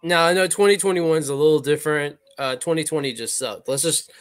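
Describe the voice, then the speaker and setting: Easygoing male podcast host, voice a touch high, casual interview. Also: a little fast.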